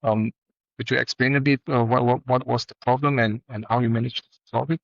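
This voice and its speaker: A man's voice: mid-range voice, steady tone, fairly quick, vocal fry, no room sound. A man hosting an interview, asking questions hesitantly with many fillers. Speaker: interviewer, podcast host. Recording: dry, dull lo-fi sound.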